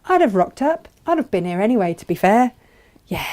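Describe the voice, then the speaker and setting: A middle-aged woman hosting a live craft show, chatting brightly and reading out viewers' greetings. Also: medium pitch, sing-song, fairly quick. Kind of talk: casual live-stream chat.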